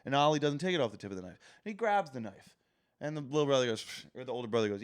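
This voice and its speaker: Animated, swearing male podcast storyteller. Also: mid-range voice, fast, smooth, no room sound, studio quality. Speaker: podcast co-host. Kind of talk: casual chat.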